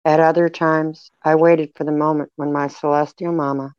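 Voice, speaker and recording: A reader voicing a sorrowful, tender Jesus in a devotional reading, with a measured, even delivery. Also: medium pitch, clear, resonant tone, dry recording, muffled recording, close to an everyday voice. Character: sorrowful man speaking as Jesus, tender and grieving.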